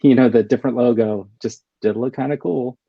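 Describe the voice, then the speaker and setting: A man co-hosting a live show in casual chat, relaxed and rambling. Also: medium pitch, brisk, vocal fry, no echo, lo-fi sound. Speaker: co-host.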